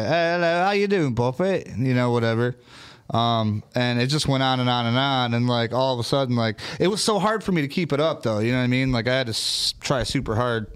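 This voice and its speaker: A man with an ordinary middle-pitched voice, chatting loosely on a livestream. He rambles through stories with plenty of swearing and an easygoing, unhurried delivery. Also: a bit bright, clear, resonant tone. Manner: rambling, profane, laid-back. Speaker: co-host of a livestream show. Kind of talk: casual chat, storytelling.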